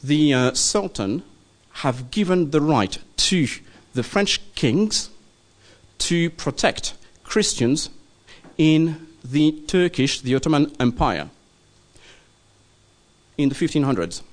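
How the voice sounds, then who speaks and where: A man teaching a church study class in a loose, informal lecture, pausing often with ums and asking "okay?" to check in with the group. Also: on the high side, animated. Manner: hesitant, many ums and checking okays.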